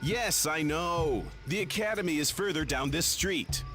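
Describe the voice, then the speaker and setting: Townsman with a weird goofy put-on accent, courteous and pitched a bit high, in an amateur game , done by a man. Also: expressive, a little slow, over music. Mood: polite. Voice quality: odd put-on accent, like Boston Elmer Fudd. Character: polite male townsman asking for directions.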